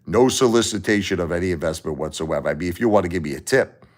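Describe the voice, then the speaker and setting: A man's voice: sits low, lively intonation, quick pace. A middle-aged man with a Brooklyn accent hosting a casual livestream, rambling bluntly through stories and swearing freely. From Brooklyn, New York. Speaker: livestream host and musician.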